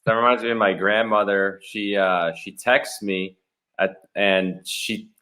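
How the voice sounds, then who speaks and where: A young man from Canada, a hockey goalie appearing as a guest on a podcast, telling stories in a relaxed, chatty way and laughing often. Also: lowish voice, unhurried. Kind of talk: casual podcast chat.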